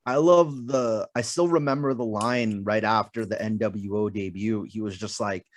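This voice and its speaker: A man co-hosting a casual wrestling podcast, animated and often laughing as he tells stories. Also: lowish voice, moderate pace. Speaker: podcast co-host.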